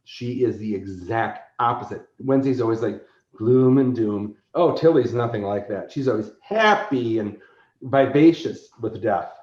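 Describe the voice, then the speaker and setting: A man in a casual podcast interview, there as a convention organizer, acts out characters while telling his stories with lots of animation. He keeps a medium pitch and an unhurried pace, in a roomy, slightly dull recording.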